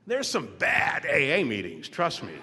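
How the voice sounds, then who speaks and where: An older man with a somewhat high voice gives a personal recovery testimony, stumbling over restarts and cracking jokes as he goes. His voice rings out in a long-echoing hall over faint room noise. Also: wildly swooping pitch, sharp tone, shouting. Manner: halting, joking storyteller. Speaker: speaker at a recovery meeting.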